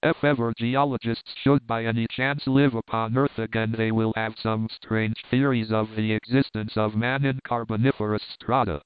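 A man's voice: on the low side, flat delivery, normal speed, hardly any pauses, smooth, no room sound, lightly acted. A man reading a sour, grumbling old professor. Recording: dry, phone-like narrow sound.

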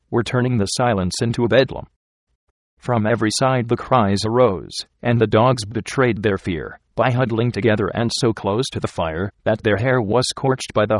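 A man reading a story aloud with steady, measured narration. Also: lowish voice, no room sound, clean studio sound. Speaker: audiobook narrator. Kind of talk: scripted narration.

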